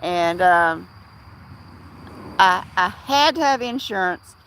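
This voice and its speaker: Middle-aged woman host of a casual livestream; slow, halting talk full of fillers, answering chat by name. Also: fairly low pitch, animated, a bit bright, slight background noise. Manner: rambling, halting, with many fillers and restarts; replies to chat viewers by name.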